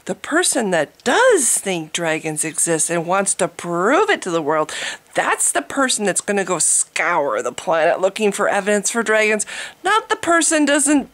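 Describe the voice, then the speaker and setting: A woman vlogger speaks straight to her camera in a blunt, exasperated rant. Her voice sits fairly high and swings widely as she mocks and mimics her critics with sarcastic laughter. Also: fairly bright tone. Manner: blunt, says she is annoyed rather than angry. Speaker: vlogger answering a commenter. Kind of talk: casual ranting monologue to camera.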